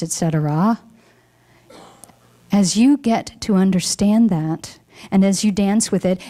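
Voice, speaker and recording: A woman's voice: medium pitch, darkish tone. Woman minister giving a heartfelt sermon. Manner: heartfelt, reflective, emotional at times. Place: church hall.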